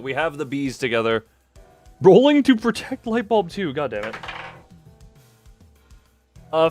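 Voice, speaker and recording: A man streaming a game, rambling excitably as he reads the story and rolls dice for his chat. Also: mid-range voice.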